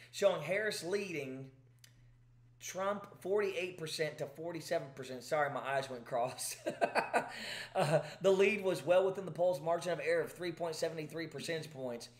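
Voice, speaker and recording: A man's voice: on the high side, moderate pace, reverberant. A man hosting political commentary, talking in an exasperated, emphatic rant. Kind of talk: ranting commentary.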